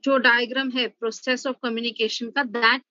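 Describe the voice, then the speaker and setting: A woman professor walks students through an online revision lecture, step by step, with the odd filler. Her voice sits high and bright. The recording is dry and a little muffled. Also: little pitch movement, quick pace, dry recording. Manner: explains step by step, with filler "uh" and "okay".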